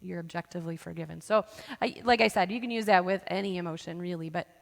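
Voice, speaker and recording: Woman counselor, gravelly voice, mid pitch, lively teaching talk with frequent "right?", church hall reverb. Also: fast talker. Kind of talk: church presentation.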